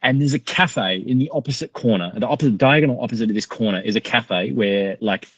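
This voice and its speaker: A man with an Australian accent, a podcast guest telling a story in a casual, animated, profane way. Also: medium pitch, a little fast, husky, no echo, muffled recording.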